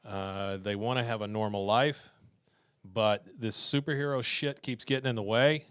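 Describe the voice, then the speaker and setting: A man co-hosting a podcast in relaxed, jokey casual chat, recorded on a dry, close microphone. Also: on the low side, smooth, dry recording. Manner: relaxed, jokey, quick back-channel responses. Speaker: podcast co-host.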